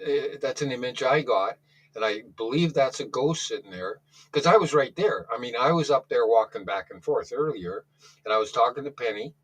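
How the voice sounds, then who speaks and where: A man's voice: medium pitch, poor audio. A man calling in to a talk show, telling a rambling story in a casual way, often restarting his sentences. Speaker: caller.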